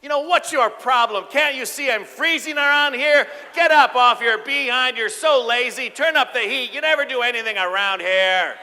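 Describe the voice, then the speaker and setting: A man voicing an angry wife who shouts accusations at her lazy husband, in a shrill, scolding way. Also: moderate pace, few pauses, long reverb tail, a little hiss or hum, heavily acted. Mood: yelling. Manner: shrill, scolding, loud accusing you statements.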